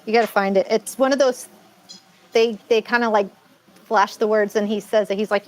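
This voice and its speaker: A woman's voice: mid-range voice, steady tone, normal speed, a little mellow, low-quality recording. A woman from Massachusetts co-hosting a casual live-stream chat, rambling and laughing often.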